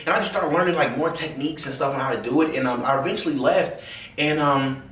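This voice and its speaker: A man from the American South telling his own story in a casual, animated way, full of fillers and acted-out quotes. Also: fairly high pitch, fast, a little hiss or hum. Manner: animated, acts out quoted voices, many fillers. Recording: roomy, from a distance.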